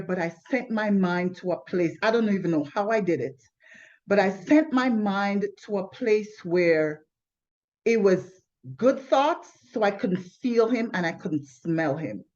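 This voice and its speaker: A woman tells her own story as a testimony, earnest and plain, circling back over her words as she goes. Her voice sits at a middling pitch. The recording sounds a little dull and lo-fi. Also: a little mellow. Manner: earnest, plainspoken, with frequent restarts. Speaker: testimony sharer.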